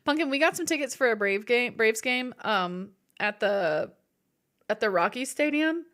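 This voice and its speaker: Bubbly, lively woman streamer. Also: a little high, normal speed. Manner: bubbly and chatty, giggles often; playfully acts out her own thoughts in quotes. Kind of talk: casual live-stream chat, reading viewer messages.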